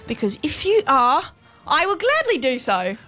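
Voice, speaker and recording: A woman's voice: sits high, big pitch swings, moderate pace, sharp tone, soft background music, exaggerated voice. A woman voicing a vain, boastful giant crab with a New Zealand accent, drawling and theatrical. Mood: smug. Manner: drawling, self-admiring, theatrical.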